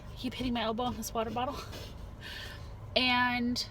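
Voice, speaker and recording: A woman's voice: a little high, little pitch movement, moderate pace, a bit bright, low-quality recording. A woman hosting a casual vlog, chatting and rambling while eating in a car. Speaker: vlog host. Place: inside a car. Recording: car noise in the background.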